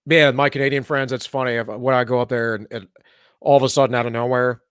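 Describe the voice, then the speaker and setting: A man's voice: medium pitch, flat delivery, fast, fairly bright tone, smooth, dry recording, clean studio sound. A man co-hosting a live talk show, reading news headlines aloud and mocking them with sarcastic asides. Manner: sarcastic, mocking, slips into mock voices. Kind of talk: casual political banter, reading headlines aloud.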